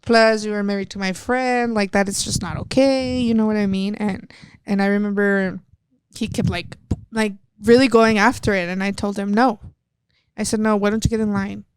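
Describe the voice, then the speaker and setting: Smooth-voiced woman. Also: medium pitch, moderate pace, no room sound. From El Paso, Texas. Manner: candid and animated, swears freely, acts out quoted dialogue. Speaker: podcast guest, wrestler. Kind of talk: casual interview storytelling.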